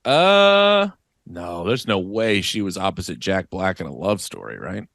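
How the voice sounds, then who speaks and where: A man's voice: deep voice, very animated, normal speed, creaky, a bit bright, dry recording, studio quality. A man co-hosting a podcast in casual chat, jokey and profane, slipping into mock voices. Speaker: podcast co-host.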